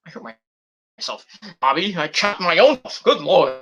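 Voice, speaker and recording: High, lively-voiced man recapping wrestling. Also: normal speed. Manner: animated, swearing, acts out quoted lines. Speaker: wrestling show reviewer. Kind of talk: casual recap vlog.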